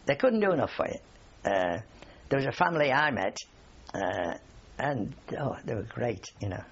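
Older male veteran interviewee with a raspy, gravelly voice and a lively rise and fall, on a dull lo-fi recording. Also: medium pitch, normal speed. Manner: rambling anecdotal storytelling, chuckles often. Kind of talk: oral history interview.

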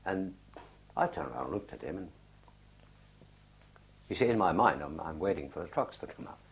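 An older man, a war veteran, recalling his experiences in an oral history interview, telling it haltingly with many fillers and restarts. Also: deep voice, lively intonation, slightly rough, lo-fi sound.

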